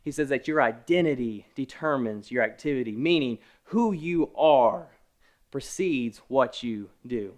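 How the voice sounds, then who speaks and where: A man in his thirties preaching a conversational sermon, with joking asides, who swings between hushed and emphatic. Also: medium pitch, lively intonation, measured pace. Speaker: pastor. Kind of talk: online sermon.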